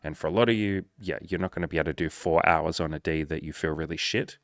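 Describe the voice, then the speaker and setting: A man's voice: a bass voice, quick pace, no room sound, studio quality. A male dating coach talking straight to his viewers, blunt and profane, often mimicking whiny voices of others. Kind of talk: casual monologue to viewers.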